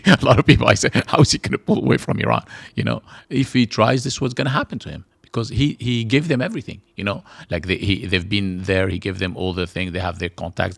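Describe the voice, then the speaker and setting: A man from Syria, a guest in a studio interview, who talks haltingly with many restarts and fillers. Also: deep voice, gravelly, a bit bright, no room sound.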